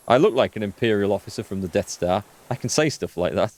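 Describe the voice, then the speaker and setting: A man's voice: fairly low pitch, lively intonation, fast, hardly any pauses, darkish tone. A man giving casual, joking commentary as he plays through and reads a role-playing game. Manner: joking asides while reading a game aloud. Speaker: Let's Play gamer.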